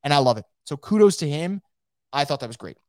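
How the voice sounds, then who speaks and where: A man hosting a casual live sports podcast, reading out viewer comments and reacting in a fast, emphatic way, often repeating his words. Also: fairly high pitch, big pitch swings, darkish tone, no room sound, clean studio sound.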